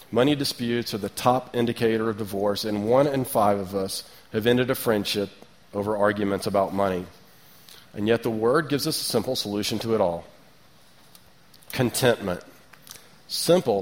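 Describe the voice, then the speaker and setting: A man in his thirties giving a sermon, relaxed and conversational, with rhetorical questions and light asides. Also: fairly low pitch. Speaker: preacher.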